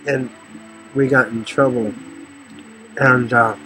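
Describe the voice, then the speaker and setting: A man's voice: fairly even intonation, slow pace, faint music behind, poor audio. A middle-aged man from the Los Angeles area telling personal stories about faith in a rambling, storytelling way. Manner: storytelling, voices others with sudden high shouts.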